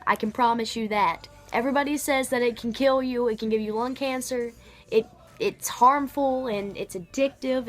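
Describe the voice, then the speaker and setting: Chatty young woman vlogger, light music. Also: on the high side. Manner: chatty, slangy, lots of fillers. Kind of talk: casual storytelling.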